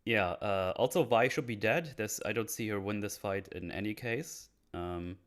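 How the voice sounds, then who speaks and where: Animated low-voiced man breaking down a show. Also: moderate pace. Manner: animated, swearing, laughs often. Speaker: podcast host. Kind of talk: casual show breakdown chat.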